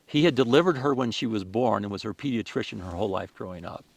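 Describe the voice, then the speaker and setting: A man with a deeply gravelly, fry-laden voice recounts a personal story as a podcast guest. He speaks earnestly and with feeling, stumbling and restarting his sentences as he goes. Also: expressive, quick pace, no echo. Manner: earnest, emotional, with frequent restarts.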